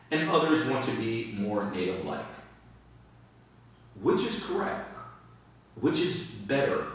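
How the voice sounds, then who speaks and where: A male English teacher talks through his lesson at an unhurried pace, leaning on pauses for emphasis. His voice sits at a middle pitch. It sounds strongly echoey, with the mic set well back from him. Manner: slow, deliberate, with emphatic pauses. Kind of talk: talking-head lesson on accent. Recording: echoey room, mic far off.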